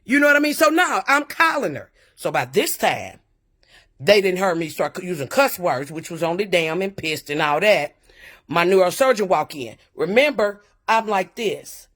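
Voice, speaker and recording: A woman's voice: fairly low pitch, lively intonation, normal speed, a bit bright. A woman telling viewers a personal story in a casual, emphatic, indignant way, with colloquial talk and some swearing.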